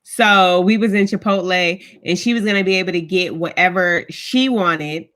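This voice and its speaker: A woman's voice: on the low side, moderate pace, a bit bright. A woman, telling stories as she chats casually with viewers on a home live stream. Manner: chatty storytelling, greets commenters by name. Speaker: vlogger doing a live stream. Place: at home, indoors.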